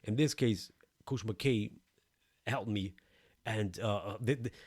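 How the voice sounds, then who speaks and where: A man's voice: on the low side, slow, darkish tone, no echo, studio quality. A man co-hosting a podcast, telling his own story in a loose, profane, streetwise way. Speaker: podcast co-host. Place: El Paso recording studio.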